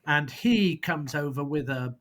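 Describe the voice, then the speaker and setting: A man's voice: on the high side, expressive, measured pace, a bit bright. A man speaking as a podcast guest, who rambles and searches for words before landing on blunt, scornful verdicts. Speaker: guest prosecutor on a film podcast. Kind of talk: casual podcast debate.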